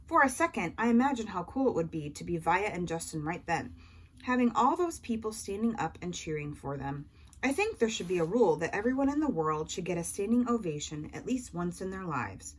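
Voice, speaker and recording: A woman reading a children's novel aloud in a lively first-person voice. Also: fairly low pitch, a little fast, slight background noise, rough recording. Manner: lively first-person narration as a young boy. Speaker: audiobook reader.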